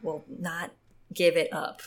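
A woman's voice: low-pitched, little pitch movement, slow pace. A woman co-hosting a casual podcast about a book, swearing and laughing often as she comments. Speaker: podcast co-host. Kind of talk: casual book discussion chat.

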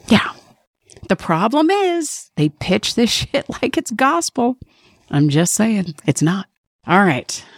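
A woman's voice: fairly low pitch, no echo, studio quality. A woman hosting a podcast, giving blunt, sarcastic commentary with heavy swearing. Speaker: podcast host. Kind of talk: casual opinionated commentary.

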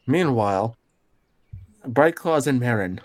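A man narrating a tabletop game as game master, describing scenes with drawn-out pauses. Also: mid-range voice, animated, slight background noise.

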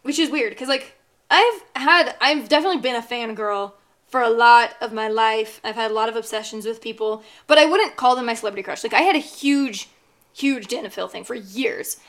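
A young woman co-hosting a podcast in casual chat, rambling with lots of fillers and animated outbursts. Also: fairly high pitch, a little fast. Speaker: podcast co-host.

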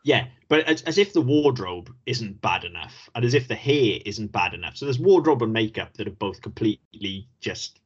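Male podcast co-host with a husky voice, casual and profane, on dull lo-fi audio. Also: fairly low pitch, moderate pace, hardly any pauses. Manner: sweary, laughing, animated storytelling. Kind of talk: casual film review chat.

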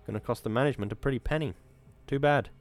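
A man's voice: medium pitch, quick pace, faint music behind, pitched above the performer's own voice, lightly acted. A man reading the lines of a defiant, sarcastic young mill worker, with a cocky, mocking delivery.

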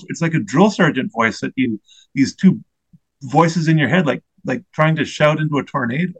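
A man's voice: a little high, lively intonation, moderate pace, husky, highs cut off. Earnest, reflective man in his forties. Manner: earnest and reflective, searching for words. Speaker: interview guest, mental health advocate. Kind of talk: personal storytelling in an interview.

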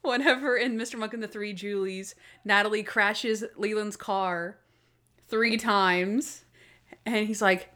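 A woman's voice: mid-range voice, steady tone, measured pace, bright, forceful tone. A woman co-hosting a casual fan chat, retelling favorite scenes and acting out quoted lines in playful voices. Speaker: co-host.

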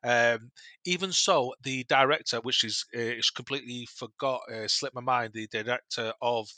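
A man tells a personal story in a loose, rambling way, stopping and restarting often. He acts out the dialogue as he goes. His voice is very bright and sharp, recorded dry and close to the mic. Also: mid-range voice, normal speed, no room sound. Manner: rambling, many restarts and self-corrections; animated retelling with quoted dialogue. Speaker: guest. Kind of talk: casual storytelling.

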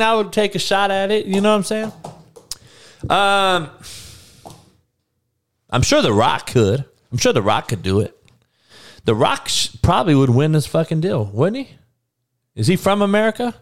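Animated, profane man ranting casually. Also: medium pitch. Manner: profane, animated, laughing asides. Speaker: podcast host. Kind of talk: casual rant to audience.

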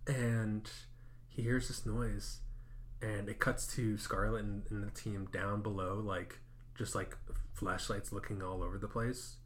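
A man co-hosting a podcast, casually recapping a horror film in animated storytelling that acts out quotes. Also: on the low side, unhurried, slight background noise. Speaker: podcast co-host.

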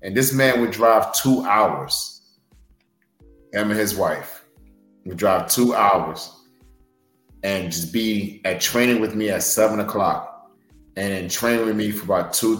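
A man's voice: lowish voice, slow pace, a bit bright, echoey room, soft background music, low-quality recording. A man, a pro wrestler, telling stories about a match in an earnest, rambling way full of fillers on a podcast. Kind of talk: podcast interview storytelling.

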